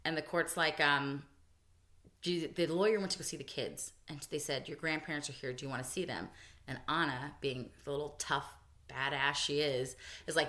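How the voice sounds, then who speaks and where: A woman co-hosting a podcast, telling a personal story in casual chat and voicing the people she quotes. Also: normal speed. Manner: animated storytelling, voices quotes with big pitch jumps. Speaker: podcast co-host. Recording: echoey room, early podcast audio.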